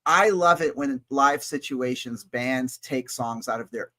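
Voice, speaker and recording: A man's voice: medium pitch, a little slow, sharp tone. A man co-hosting a casual album-review chat show, talking in an enthusiastic, rambling and crude way. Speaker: podcast co-host.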